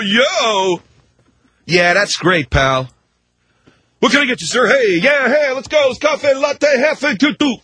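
A middle-aged male talk radio host with a husky, slightly breathy voice that swings widely in pitch. He rants brashly and sarcastically, mocking everything in a comic monologue. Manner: brash, sarcastic, animated ranting.

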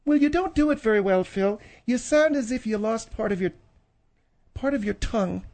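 A man's voice: high-pitched, animated, moderate pace, darkish tone, pitched above the performer's own voice. A man voicing a bossy, nagging female co-host in a comedic radio talk-show bit, snapping and scolding. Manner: snippy and scolding.

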